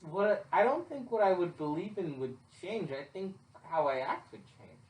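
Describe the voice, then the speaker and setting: Loud young man in an echoey room. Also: high voice, expressive, moderate pace, distant mic. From Canada. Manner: loud, laughing, swears a lot, interrupts. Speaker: podcast co-host. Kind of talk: casual chat. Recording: roomy echo, away from the mic.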